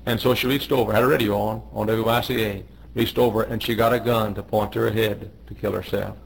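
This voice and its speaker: A man's voice: on the low side, level tone, brisk, creaky, slight background noise, low-quality recording. A middle-aged man, a pastor, telling joking stories in a folksy way on a radio devotional. He raises his voice when he quotes people.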